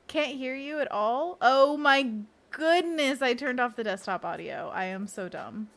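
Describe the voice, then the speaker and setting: A woman's voice: high voice, expressive, a little slow, fairly bright tone. A young adult woman, a children's book illustrator, chatting casually and laughing often on her live stream.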